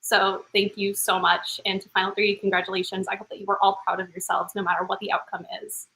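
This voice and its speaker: Woman host, earnest and heartfelt, bright voice, mid pitch, casual fillers, video call. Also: flat delivery, fast talker, slight background noise, low-quality recording. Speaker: game host. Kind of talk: closing thank-you address.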